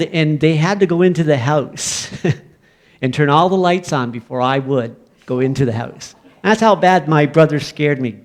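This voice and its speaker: A middle-aged Canadian man preaching a sermon, telling a story from his own childhood and building to loud, emphatic preaching. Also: a little high, moderate pace. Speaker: pastor.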